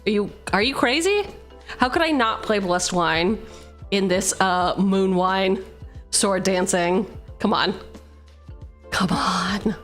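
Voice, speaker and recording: Speaking slowly in a medium-pitched, slightly bright voice, a young woman hosts a casual live stream about putting together a card-game deck. She's playful and teasing, mixing card text with banter, while soft music plays in the background.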